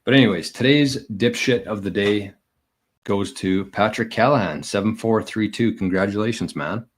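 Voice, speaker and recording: A man's voice: on the low side, moderate pace, slight background noise. A man hosting a daily vlog, reading viewer comments and answering them in a blunt, profane, combative way. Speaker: bitcoin vlogger.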